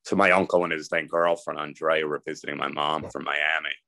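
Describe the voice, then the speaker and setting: A man's voice: extremely low pitch, level tone, fairly quick, gravelly, bright, forceful tone, no echo. A middle-aged man telling his personal story candidly and conversationally as a podcast guest.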